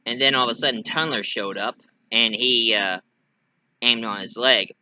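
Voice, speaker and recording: A man's voice: moderate pace, clear, resonant tone. A man casually telling his own fan story, rambling and hesitant with many fillers. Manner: rambling, hesitant, lively pitch.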